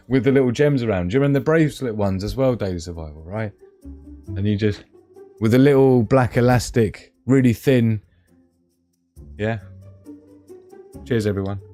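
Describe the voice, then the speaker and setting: A man's voice: mid-range voice, mellow. Jokey British man hosting a live stream. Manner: jokey, laughs often, chatty asides to the chat. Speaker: livestream host. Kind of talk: casual live-stream chat reading comments.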